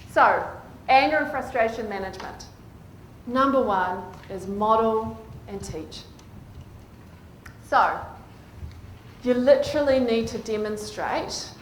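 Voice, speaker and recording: A woman with a fairly high voice gives a conference presentation, often pausing to check the audience is following. The sound is echoey, as in a large hall, with a faint hiss of background noise. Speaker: clinician speaking at a conference.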